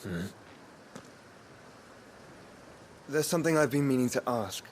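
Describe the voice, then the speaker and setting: A man's voice: mid-range voice, expressive, quick pace, a little hiss or hum, close to an everyday voice. An actor playing an earnest young man who confronts his older brother in a video game cutscene, with a pointed, accusing delivery. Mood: questioning.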